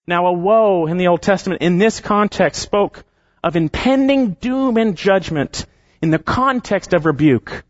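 A man preaching an expository sermon, emphatic, slowing down and dropping his voice at the ends of phrases. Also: sits high, dry recording, highs cut off. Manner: emphatic preaching with slowed, falling phrase endings. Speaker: pastor.

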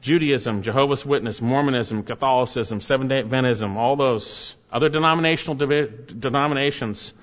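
Male pastor, mid-pitched, emphatic sermon delivery, muffled recording with long reverb. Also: fairly quick, hardly any pauses. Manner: earnest, emphatic preaching with rising and falling intensity. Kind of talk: expository sermon.

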